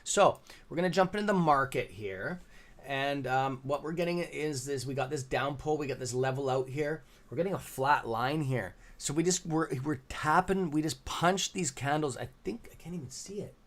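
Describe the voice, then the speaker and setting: A man's voice: fairly high pitch, normal speed. Tired Canadian man hosting a trading stream. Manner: rambling, many fillers and restarts, reading chat names aloud. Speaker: livestream stock trading host. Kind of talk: casual live-stream commentary.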